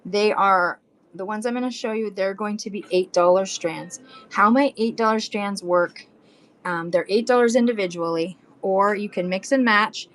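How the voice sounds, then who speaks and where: A woman's voice: mid-range voice, moderate pace, fairly bright tone, rough recording. A woman talking casually while selling bead strands on a live stream, counting beads and humming to herself as she works. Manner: chatty, counts beads aloud, hums while working. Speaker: live shopping seller.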